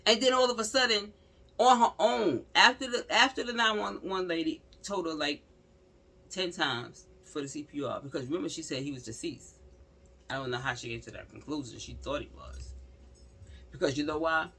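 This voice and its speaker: A woman's voice: low-pitched, normal speed, vocal fry, slight background noise. Blunt, slangy woman vlogger. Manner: blunt, slangy, repeats phrases for emphasis; talks straight to viewers, animated. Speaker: true-crime commentary vlogger. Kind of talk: casual spoken commentary.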